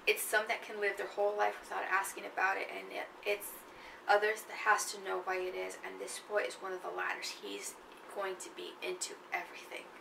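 Woman reading as a quiet polite Southern killer. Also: medium pitch, completely flat delivery, brisk, vocal fry, background noise. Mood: calm polite menace. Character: soft-spoken Southern male escaped killer. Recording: echoey room, mic at a distance.

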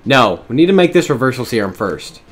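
A man's voice: medium pitch, big pitch swings, fairly quick, faint music behind. A strict, businesslike lab supervisor, read by a man in his own voice. She is firm and to the point in this homemade storybook reading.

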